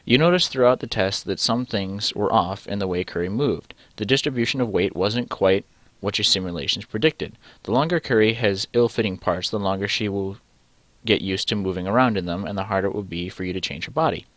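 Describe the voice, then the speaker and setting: A man's voice: fairly low pitch, a little fast, a bit bright, dry recording. A young man reading a choose-your-own-adventure game aloud and rambling through his choices, cutting himself off mid-sentence and swearing casually. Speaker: let's-play host.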